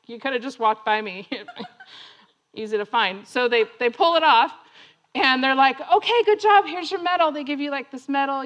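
High-voiced woman telling a story with laughs. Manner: laughing often, animated retelling; acts out other voices in her story. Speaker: speaker sharing a testimony. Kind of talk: storytelling talk with a lesson.

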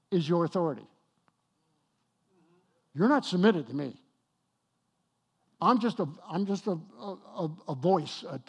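Male pastor, high-pitched, emphatic sermon delivery with light banter to the congregation. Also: darkish tone, husky. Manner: emphatic, slows and rises on key points, jokes with the congregation. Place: church with congregation.

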